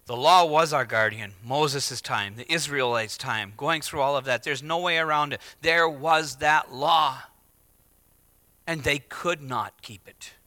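Middle-aged male pastor, sermon delivery, very bright slightly high voice, dry close sound; hushed to emphatic. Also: measured pace, dry recording. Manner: swings from hushed to loud, emphatic preaching.

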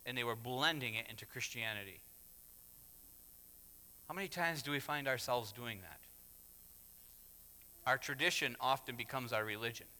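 A man preaching a sermon in an emphatic way, often rising to loud exhortation. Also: medium pitch, normal speed, pauses often, big-room sound. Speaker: pastor.

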